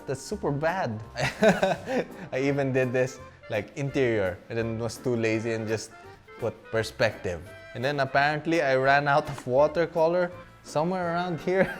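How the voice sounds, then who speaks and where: A young man from the Philippines, casually talking through his old school work, chatty and self-mocking with frequent laughs. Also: mid-range voice. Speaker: vlogger.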